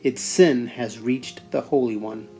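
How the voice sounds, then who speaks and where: A man voicing a solemn divine voice that speaks from a light, giving slow, grave warnings. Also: mid-range voice, dark tone, soft background music, voice pushed down, lightly acted.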